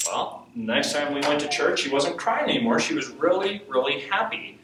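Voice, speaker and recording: A man preaching, telling a personal story with animated quotes and frequent laughs. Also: a little high, a little fast, few pauses. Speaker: preacher teaching on intercession. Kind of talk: sermon storytelling. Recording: echoey hall from far off, faint hiss.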